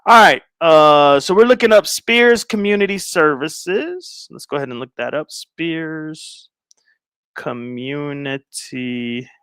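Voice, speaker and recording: Man, livestream host, slow and rambling, clear voice, dry close sound. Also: fairly high pitch, a bit bright, no room sound. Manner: rambling, distracted, talks to chat viewers. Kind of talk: casual livestream chat.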